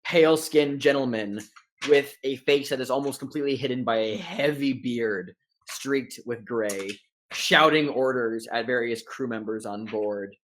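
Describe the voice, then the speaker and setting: A young man running a tabletop game as dungeon master, narrating haltingly with many fillers. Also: medium pitch, slight background noise.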